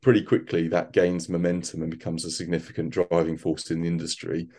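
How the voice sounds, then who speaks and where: A man speaking as an expert guest in a conversational interview, thoughtful and halting, with frequent restarts. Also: sits low, monotone, darkish tone. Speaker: quantum computing expert guest.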